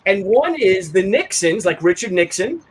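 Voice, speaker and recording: A man with a notably high-pitched voice hosts a casual online chat show. He tells a long, rambling story full of restarts, asides and quick jokes. His delivery is lively and conversational. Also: breathy edge, low-quality recording. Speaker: show host.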